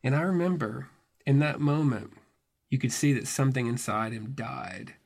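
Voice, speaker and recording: A man's voice: medium pitch, normal speed, vocal fry, a little mellow. A man in his thirties telling a personal story in a wry, self-mocking, conversational way. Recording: music heard behind the voice. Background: music.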